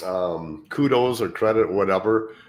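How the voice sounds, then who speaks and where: A man co-hosting a podcast, talking candidly and haltingly while feeling unwell. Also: low-pitched, slight background noise. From Poland. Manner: halting, restarts often, candid. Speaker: podcast co-host, former wrestler. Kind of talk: casual chat.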